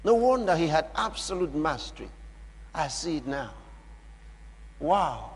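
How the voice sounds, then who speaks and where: A male preacher delivering a sermon in a high, lively, husky voice. He drops to near-whispers, then builds to shouts. The sound carries a long reverb, as in a large hall. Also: measured pace. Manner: dramatic swings from soft murmurs to shouts.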